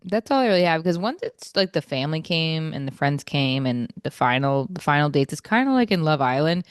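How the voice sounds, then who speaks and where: A woman's voice: low voice, big pitch swings, a little fast, clean tone, no room sound, clean studio sound. A woman co-hosting a casual podcast chat, mocking people with playful impressions and lots of likes. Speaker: podcast co-host.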